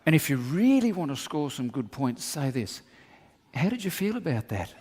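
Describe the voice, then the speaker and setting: A man preaches a sermon in a fairly high voice, joking with his congregation and acting out snatches of everyday conversation. His words carry a long reverb from the hall around him. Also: sing-song, moderate pace, a little mellow, slight background noise. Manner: humorous, acts out dialogue, laughs often. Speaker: pastor.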